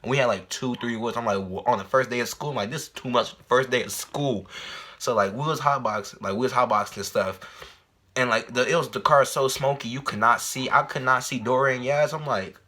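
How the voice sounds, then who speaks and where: A young man telling a casual storytime vlog, rambling and repeating himself in slang, and jumping to loud, high-pitched panic when he acts out scenes. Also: a little fast. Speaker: vlogger.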